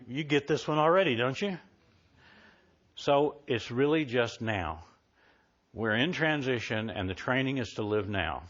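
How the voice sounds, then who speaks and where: Male minister, mid-pitched, preaches casually to his congregation, dull church recording. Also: fairly bright tone. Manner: conversational, asks the congregation questions. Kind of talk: live sermon. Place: church sanctuary.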